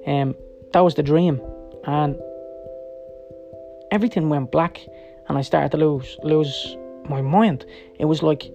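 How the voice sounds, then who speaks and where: A man's voice: on the high side, creaky, dark tone, dull audio. Candid man telling his story. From Ireland. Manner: candid, rambling and profane, with frequent "yeah?" and "right?". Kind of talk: personal storytelling talk.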